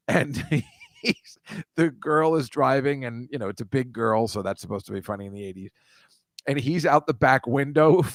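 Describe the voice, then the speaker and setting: A man's voice: fairly high pitch, no room sound. Blunt, dry-voiced man in casual chat. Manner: blunt, opinionated, laughs along. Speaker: podcast co-host.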